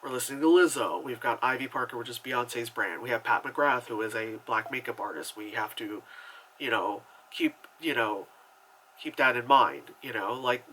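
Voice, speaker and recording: A man's voice: mid-range voice, normal speed, sharp tone, a little hiss or hum, rough recording. A man reviewing a movie in a casual, rambling chat full of asides and fillers.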